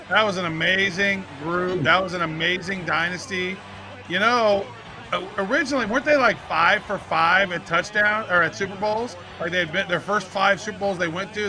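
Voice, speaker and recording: A man co-hosting a sports podcast, chatting casually and excitedly, saying "dude" a lot. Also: sits high, normal speed, music in the background. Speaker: podcast co-host.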